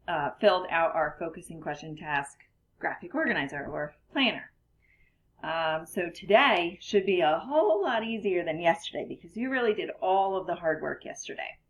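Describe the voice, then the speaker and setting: Chatty woman teacher, lowish voice. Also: a bit bright. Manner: chatty, many ums, self-correcting. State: out of breath. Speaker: classroom teacher. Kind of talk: recorded lesson for students.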